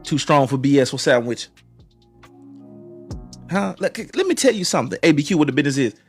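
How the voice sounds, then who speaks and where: A man's voice: on the high side, big pitch swings, fairly quick, faint music behind. A man hosting a live stream, giving relationship advice in a preachy way, repeating phrases and restarting often. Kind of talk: motivational live-stream talk.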